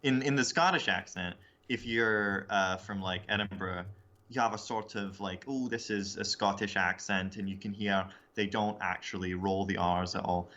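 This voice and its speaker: A man's voice: low-pitched, steady tone, moderate pace, bright, forceful tone, muffled recording. A man from Oregon, a comedian guest, chatting in a rambling, joking way on a podcast. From Salem, Oregon, USA. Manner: chatty, rambling, laughs into jokes. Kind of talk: casual podcast banter.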